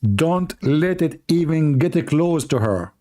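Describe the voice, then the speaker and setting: A man delivers a mocking, theatrical monologue as host of his own show, with non-native grammar throughout. His voice sits slightly high for a man, and he swings from hushed asides to exaggerated exclamations. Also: lively intonation, slow. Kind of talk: sarcastic monologue.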